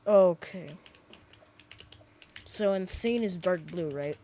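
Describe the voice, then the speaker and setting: Slow rambling young gamer. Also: male voice, high voice, dark tone. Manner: rambling, easily sidetracked, frequent fillers. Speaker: gameplay commentator. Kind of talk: casual gameplay commentary. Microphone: desk mic.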